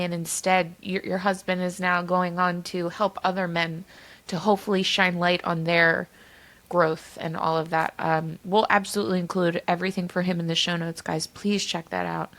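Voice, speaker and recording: A woman hosting a podcast interview, effusive and encouraging toward her guest. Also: fairly low pitch. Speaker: podcast host. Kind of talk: conversational interview.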